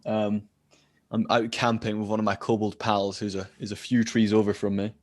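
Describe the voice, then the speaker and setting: A man's voice: fairly low pitch, little pitch movement, moderate pace, no room sound. Casual hesitant male player.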